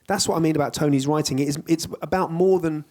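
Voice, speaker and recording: An actor speaking in a casual onstage Q&A, chatty and self-deprecating, often breaking into laughter. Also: male voice, fairly high pitch, fast, a little mellow. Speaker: actor guest on a panel.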